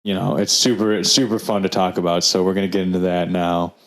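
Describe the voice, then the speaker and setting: Male podcast co-host, low-pitched, loose casual chat with many restarts. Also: steady tone, fast, fairly bright tone. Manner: rambling, many fillers and restarts.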